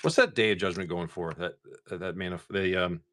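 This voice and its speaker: A man's voice: sits low, fairly quick, fairly bright tone. A man from Massachusetts hosting a casual live stream, rambling in a laid-back way and swearing freely. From Massachusetts, USA.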